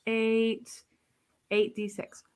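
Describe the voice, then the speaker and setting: A woman's voice: a little high, monotone, drawn-out words, darkish tone, clear, resonant tone. A woman player at a tabletop game, rambling through her turn with lots of filler words and giggles. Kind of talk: casual tabletop game play.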